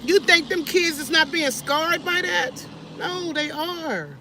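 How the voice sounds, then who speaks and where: A woman talks in a casual, preachy vlog, animated and sermon-like, often restarting her sentences. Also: extremely high pitch, slow pace, noisy background. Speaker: vlogger.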